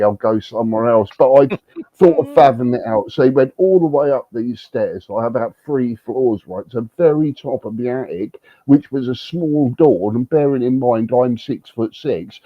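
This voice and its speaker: A man spins a rambling, animated anecdote on a livestream, cursing freely and tripping over his own restarts. The audio is dry with no room sound, and a little dull and lo-fi. His voice sits at an ordinary middle pitch. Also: dry recording. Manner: animated, swearing, frequent restarts. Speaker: livestream host. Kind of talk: casual storytelling chat. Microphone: livestream setup.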